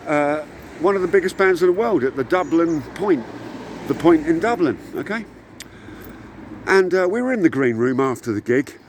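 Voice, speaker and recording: A man's voice: a little high, slight background noise. A man in his sixties from England, a rock musician delivering a heated, rambling monologue to camera with frequent hesitations. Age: 60s.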